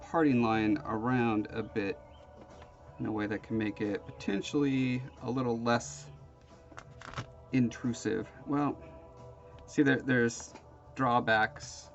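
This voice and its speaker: A man's voice: mid-range voice, slow pace, creaky, long pauses, dull audio, soft background music. A man with a sniffly, nasal voice, hosting a casual hands-on crafting tutorial in a self-deprecating, rambling way. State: sniffly, congested. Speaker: crafting show host.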